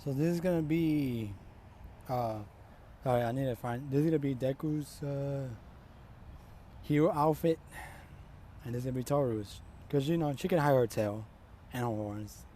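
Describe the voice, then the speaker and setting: A young man spins an improvised fan story off the cuff, rambling in slang and correcting himself mid-sentence. His voice is mellow and warm, at an ordinary male pitch. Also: moderate pace, pauses often, slight background noise.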